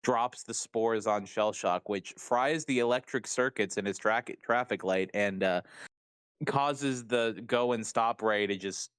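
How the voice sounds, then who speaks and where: A man's voice: lowish voice, unhurried, fairly bright tone, clear, resonant tone, no echo, clean studio sound. A man co-hosting a podcast, recapping episodes in loose casual chat, laughing often and swearing now and then. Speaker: podcast co-host.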